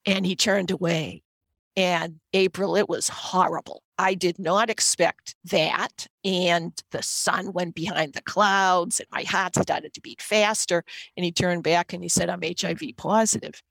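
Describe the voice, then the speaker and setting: A woman's voice: lowish voice, fairly even intonation, a little slow, creaky, a bit bright, dry recording. A middle-aged woman with a Boston accent, telling a personal story earnestly as a podcast guest.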